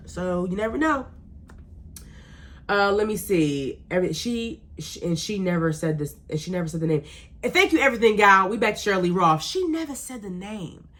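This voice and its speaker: A woman's voice: medium pitch, brisk. A young adult woman hosting a radio show, chatting casually and animatedly while reading live comments. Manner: animated, laughing, emphatic repetition.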